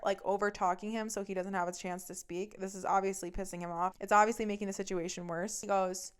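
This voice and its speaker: A woman hosting her own podcast recounts a personal story, swearing freely and building heat as she goes. Her voice is smooth and clear, sitting at a middle pitch for a woman. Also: level tone. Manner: heavy swearing, fast and heated. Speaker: podcast host.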